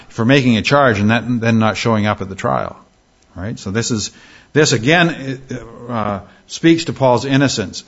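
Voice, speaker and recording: Man teaching scripture with "all right?" asides. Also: medium pitch. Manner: conversational, frequent "all right?" check-ins and filler pauses. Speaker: Bible study teacher. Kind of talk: verse-by-verse Bible teaching. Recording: slightly dull lo-fi recording.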